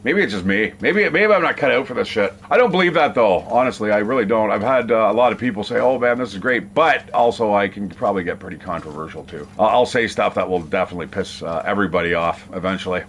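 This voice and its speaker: A man's voice: lowish voice, fast, hardly any pauses, fairly bright tone, slight background noise. A man giving casual, rambling commentary while playing a survival video game, chatting to viewers and swearing now and then. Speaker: gaming streamer.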